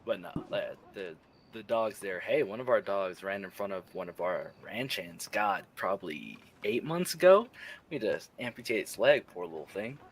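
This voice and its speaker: A man's voice: on the low side, lively intonation, normal speed, breathy edge. A man chatting casually in character as a rancher, swearing freely and laughing often. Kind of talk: casual in-character roleplay chat.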